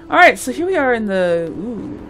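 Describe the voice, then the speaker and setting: A woman's voice: a little high, very animated, normal speed, a bit bright, soft background music. A woman hosting a let's play, giving gameplay commentary and thinking aloud with muttered asides.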